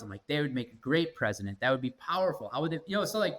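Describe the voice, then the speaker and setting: A company executive in his thirties, guesting on a casual interview, speaks earnestly and energetically and often repeats himself for emphasis. His slightly bright voice is on the high side, very animated, and very fast, with hardly any pauses. The recording is rough.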